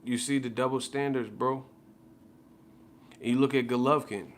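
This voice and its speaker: A man's voice: medium pitch, fairly even intonation, moderate pace, slight background noise. A man ranting casually as a boxing commentator, heated and profane, repeating himself. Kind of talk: casual rant.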